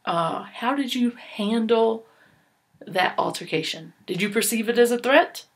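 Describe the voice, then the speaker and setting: A woman's voice: fairly high pitch, unhurried, husky. A woman presenting a training session for volunteers, earnest and instructive, with a few fillers and restarts.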